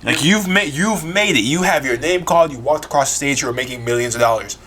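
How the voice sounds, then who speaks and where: A man's voice: mid-range voice, fast, fairly bright tone. A man co-hosting a casual podcast, stuffy from allergies, emphatic and repeating his points. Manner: emphatic, repeats himself, swears. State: stuffy from allergies, eyes watering. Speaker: podcast co-host. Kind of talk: casual chat.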